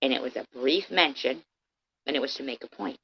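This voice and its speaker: A woman's voice: very deep voice, a little fast, vocal fry, slightly rough. A woman arguing on a livestream, defensively explaining herself. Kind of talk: heated livestream argument. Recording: muffled lo-fi stream audio.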